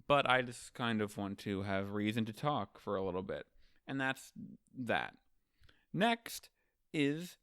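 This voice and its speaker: A man giving a casual, offhand recap of manga chapters, tossing in sarcastic asides and quick mock quotes of the characters. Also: medium pitch, fairly bright tone, clean tone, no echo.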